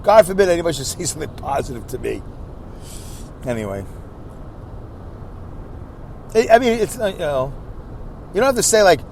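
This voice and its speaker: A middle-aged man rambles through a comedy podcast monologue, ribbing himself and slipping into the voices of people he quotes. His voice sits fairly high and swoops about with lively expression. A faint background noise hums under the recording. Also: quick pace, vocal fry, pauses often. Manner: joking, self-deprecating, acts out quoted voices.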